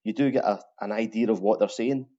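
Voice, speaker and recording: A man's voice: on the low side, brisk, mellow. A man with a strong Glaswegian Scottish accent, a truck driver chatting as an interview guest, with lots of fillers and restarts. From Scotland. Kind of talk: casual interview chat. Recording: dull lo-fi sound.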